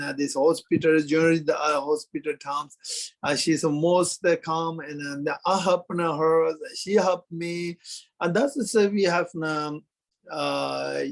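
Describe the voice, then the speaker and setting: Tibetan-accented man, halting and fairly high. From Kham, Tibet. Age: 50s. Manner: hesitant broken English, many pauses and fillers. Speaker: Buddhist lama telling his story. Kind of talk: halting interview storytelling.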